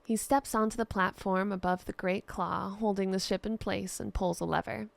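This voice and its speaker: A woman narrating a scripted fantasy tale in a steady, descriptive storytelling voice. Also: medium pitch, normal speed, vocal fry, dry recording. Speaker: writer and narrator.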